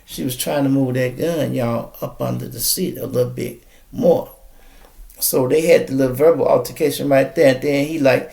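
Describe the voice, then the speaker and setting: A podcast host from with a gravelly, creaky voice, telling a story casually and with energy. He speaks right to his audience, in a voice of ordinary male pitch. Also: moderate pace. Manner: animated, addresses listeners as y'all.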